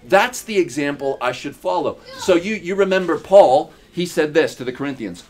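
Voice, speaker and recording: A man's voice: on the high side, lively intonation, moderate pace, few pauses. A man preaching a sermon as pastor, emphatic, with repeated phrases and rhetorical questions. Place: church in Uganda.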